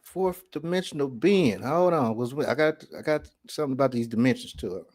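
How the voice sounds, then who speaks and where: A man's voice: mid-range voice, fairly quick. A man hosting a vlog in a casual, preachy monologue, often checking in with the listener. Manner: preachy, keeps asking "right?". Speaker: vlog host.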